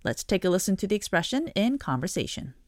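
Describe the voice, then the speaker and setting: A woman hosting a radio language lesson, explaining an expression in a clear teaching tone. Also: mid-range voice, sing-song, fast, no room sound, clean studio sound.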